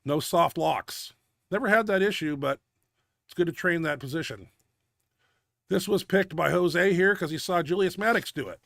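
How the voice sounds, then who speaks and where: A man's voice: fairly high pitch, normal speed, gravelly, a bit bright, dry recording, studio quality. A middle-aged man hosting a powerlifting video show, commenting bluntly and profanely on lifts while he is winded and out of breath. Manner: blunt, profane gym talk. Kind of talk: casual commentary over lifting videos.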